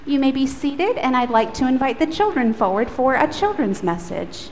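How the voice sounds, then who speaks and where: A woman pastor leading a prayer, then telling a story to children in an animated, coaxing way. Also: sits high, moderate pace, few pauses. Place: church sanctuary. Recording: echoey church hall, faint noise.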